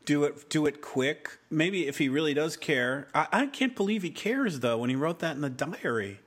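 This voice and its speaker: A man co-hosting a casual TV recap podcast, thinking out loud and posing questions. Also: on the high side, lively intonation, normal speed, slightly rough. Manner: musing, thinks aloud with questions. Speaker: podcast co-host.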